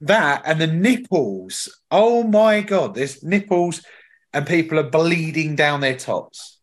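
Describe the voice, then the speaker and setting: A man's voice: fairly high pitch, expressive, takes it slowly. A man hosting a podcast, chatting casually and telling slangy, swear-laced stories. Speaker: podcast host. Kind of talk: casual chat.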